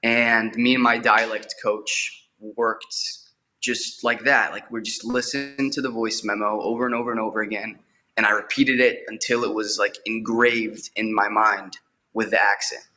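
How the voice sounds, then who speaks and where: A man's voice: lowish voice, flat delivery, moderate pace, pushed and bright. A young man, an actor, talking eagerly in a casual interview and often repeating words as he goes. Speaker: actor guest.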